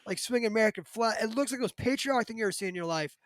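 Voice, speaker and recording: High-voiced man telling a rambling story. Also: rapid-fire, dry recording. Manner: rambling, filler-heavy, animated. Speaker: podcast host. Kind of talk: casual storytelling.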